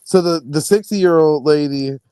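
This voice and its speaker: A man hosting a stream, telling travel stories in a casual, animated and profane way. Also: fairly high pitch, measured pace, clean tone, dry recording, low-quality recording. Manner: animated, profane, acts out quoted people. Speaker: stream host. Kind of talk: casual storytelling chat.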